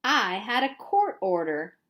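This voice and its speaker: A woman reading an audiobook voices a short, fierce Hispanic female lawyer with a slight Mexican accent and trilled R's, talking in a forceful, indignant way. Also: mid-range voice, big pitch swings, a little slow.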